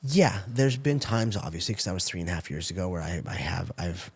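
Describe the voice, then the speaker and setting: A man's voice: sits low, animated, brisk, slightly rough. A man in his forties, a former fighter turned coach, telling candid, profane stories in an interview. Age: 40s. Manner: candid, profane, storytelling with quoted asides.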